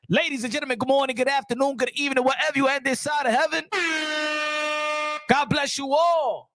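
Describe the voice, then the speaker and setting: Loud, high-voiced man ranting about boxing. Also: fairly even intonation, brisk, soft background music. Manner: loud, playful, mixes Spanish phrases, repeats lines, mock outrage. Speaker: boxing show host. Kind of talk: animated solo boxing talk.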